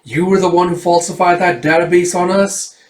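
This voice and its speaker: A man's voice: sits high, steady tone, fairly quick, pitched above the performer's own voice, natural voice. A man voicing a blunt, threatening bounty hunter while reading a comic aloud. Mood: menacing. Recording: roomy, distant mic.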